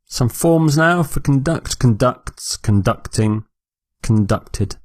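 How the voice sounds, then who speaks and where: A man teaching vocabulary at an unhurried, measured pace, saying each word twice so learners catch it. His voice sits in a middle range and sounds dry and close, with no room echo. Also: mid-range voice, animated, darkish tone. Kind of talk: slow, deliberate vocabulary lesson.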